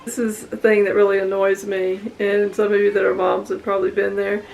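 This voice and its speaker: A woman's voice: medium pitch, monotone, a little fast, gravelly, darkish tone, a little hiss or hum, rough recording. A middle-aged woman, the vlogger's mother, chatting casually and mocking other people in quotes. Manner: laid-back, mocking quotes. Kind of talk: casual chat.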